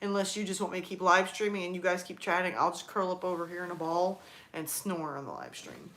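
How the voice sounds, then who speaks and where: A woman's voice: on the low side, fairly quick, a little hiss or hum. A woman in her thirties hosting a live stream, chatting casually and rambling through stories about her kids and her mom. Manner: chatty, rambling, animated storytelling.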